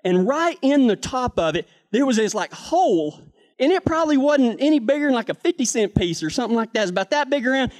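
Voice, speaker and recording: A man's voice: very high voice, sing-song, fast talker, darkish tone. A man preaching a sermon, telling a joking, folksy cowboy story.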